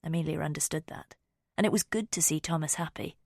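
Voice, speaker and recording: Woman, audiobook narration, low voice, dry close sound, measured delivery. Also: gravelly, darkish tone, no room sound.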